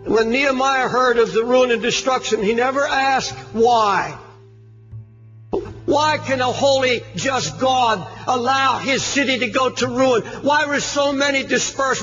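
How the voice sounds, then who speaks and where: A high-pitched man preaching with fervor, hammering rhetorical questions and dropping to near-hushed tones between outbursts. The sound is dull and lo-fi, like an old archive sermon tape, with faint music beneath. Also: measured pace. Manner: impassioned, rhetorical questions, swings from loud to hushed.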